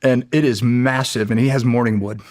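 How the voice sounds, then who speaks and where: A middle-aged man, a podcast guest, telling a story in casual, animated fashion, often laughing and restarting his sentences. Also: mid-range voice, fairly quick, background noise. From United States. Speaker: podcast guest, former Navy SEAL.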